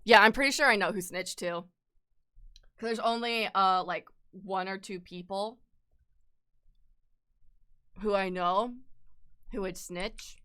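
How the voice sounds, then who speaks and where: Blunt, bright-voiced woman ranting casually. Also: mid-range voice, slow pace, pauses often, smooth. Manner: blunt, swearing, candid ranting; peppered with "like". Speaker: art streamer. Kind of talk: casual chat while sketching.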